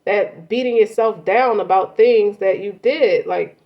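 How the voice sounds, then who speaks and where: Talking a little slowly at medium pitch, a tarot reader gives a laid-back card reading peppered with slang and curse words. Her audio is muffled and lo-fi, carrying faint background noise.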